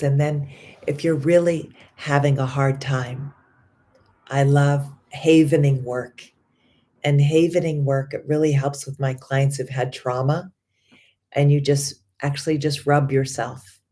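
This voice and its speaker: A middle-aged woman life coach guiding affirmations and breathing in a slow, soothing way, with many repeated phrases. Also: a bass voice, little pitch movement, warm tone. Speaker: life coach and yoga teacher.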